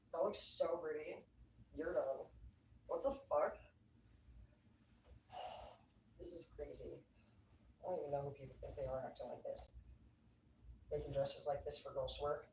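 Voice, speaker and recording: A woman with a lowish voice chats loosely on a livestream, swearing freely and padding her talk with filler words. She sits some distance from the mic in an echoey room, with faint noise underneath. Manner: rambling, profane, filler-heavy talk. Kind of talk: casual livestream chat.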